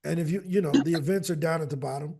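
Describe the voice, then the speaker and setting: A man's voice: on the high side, fast, vocal fry, a crowd in the background. A man in casual video call chat, upbeat and walking someone through his screen share. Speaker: speaker platform representative.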